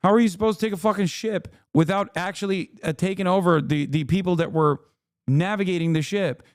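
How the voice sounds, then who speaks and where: Speaking fairly quickly in a high-sitting voice, a man hosting a livestream rants into a desk mic with heated, exasperated, profane reactions while losing his voice. The recording is dry, with clean studio sound.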